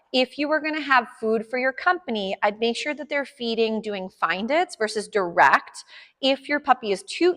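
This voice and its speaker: A woman's voice: fairly high pitch, a bit bright, long reverb tail. A woman dog trainer explaining a session to her clients, upbeat, chatty and encouraging.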